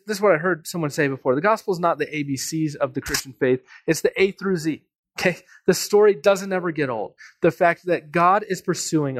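A man preaching as pastor, telling a story earnestly and swinging from emphatic lines to hushed ones. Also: on the high side, dry recording, studio quality. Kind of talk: sermon. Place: church.

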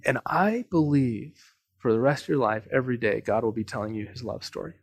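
A man preaching as pastor, telling a story earnestly and swinging from emphatic lines to hushed ones. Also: mid-range voice, animated, fairly quick, slightly rough. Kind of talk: sermon. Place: church.

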